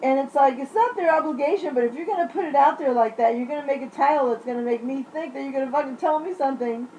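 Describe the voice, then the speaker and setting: High-voiced woman on an exasperated, profane rant. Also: fast talker, a little mellow, lo-fi sound, slight background noise. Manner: blunt, profane, exasperated ranting. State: unwell during an illness flare-up. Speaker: vlogger. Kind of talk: ranting vlog.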